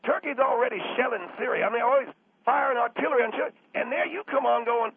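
A man's voice: extremely high pitch, fast talker, creaky. An actor playing a pushy, lecturing pastor who calls in to a radio show, stammering as he scolds the host. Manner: lecturing, stammering, mimics with squeals. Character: pushy preachy male pastor caller, middle-aged. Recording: tinny phone line with faint hiss.

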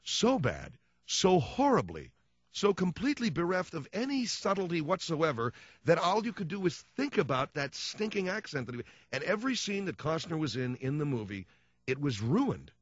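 A man's voice: a little high, sing-song, normal speed, no echo, highs cut off. A man hosting a radio talk show, ranting sarcastically in a comic monologue.

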